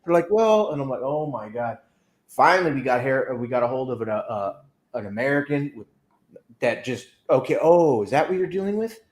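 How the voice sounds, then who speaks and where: A man co-hosting a casual livestream chat, telling profane, animated stories and slipping into put-on voices. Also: mid-range voice, fairly quick, reverberant. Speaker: co-host.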